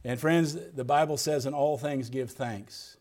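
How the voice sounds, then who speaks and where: A man's voice: mid-range voice, fairly even intonation, unhurried, darkish tone. A man preaching as a pastor, earnest, often repeating words and restarting as he goes. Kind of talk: sermon.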